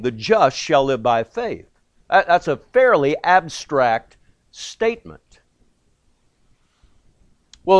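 Guy preaching a sermon, kinda high voice, goes quiet then punches words, dry close sound. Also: dry recording. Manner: emphatic, shifting between quiet asides and loud stresses; pauses and repeats words as he goes.

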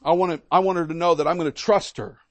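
A man's voice: a little high, fast talker, dry recording. A middle-aged man preaching a sermon as a pastor, emphatic and repeating key points. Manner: emphatic, repetitive, animated.

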